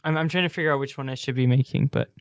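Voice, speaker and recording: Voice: medium pitch, rapid-fire, smooth. A player in a tabletop game who giggles often and stumbles over words. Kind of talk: casual tabletop game play.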